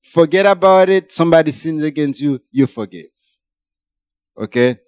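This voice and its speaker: A man preaching a sermon, emphatic, rising high for emphasis and then dropping low. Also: lively intonation, normal speed, darkish tone, smooth, dry recording.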